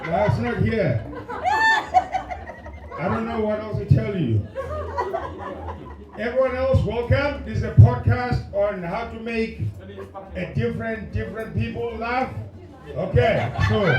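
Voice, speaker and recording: Male stand-up comic working the crowd with shouted bursts, voice a little off-mic in a live room. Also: sits high, expressive, slow, pauses often, dull audio, noisy background. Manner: loud crowd work, sudden shouted bursts. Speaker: stand-up comedian. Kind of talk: stand-up comedy set. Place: comedy club stage. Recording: roomy live venue, mic at distance, audience. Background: laughing audience.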